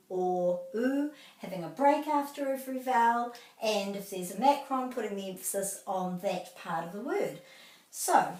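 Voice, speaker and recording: New woman teaching pronunciation. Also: medium pitch. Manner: slow, careful drilling of words with repetition. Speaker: language teacher. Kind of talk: pronunciation lesson. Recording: echoey room, mic at a distance.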